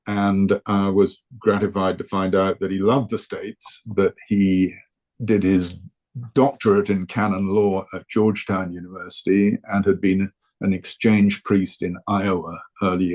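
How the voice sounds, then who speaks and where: Older man, deep monotone speaker, halting and digressive. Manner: hesitant, many fillers and restarts. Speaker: guest speaker. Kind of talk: informal virtual talk.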